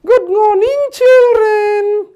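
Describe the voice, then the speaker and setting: A woman voicing Mickey, a cheery, chatty male puppet in a children's puppet show, squeaky and sing-song. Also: fairly even intonation, drawn-out words, dark tone, lo-fi sound, heavily acted. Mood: cheerful.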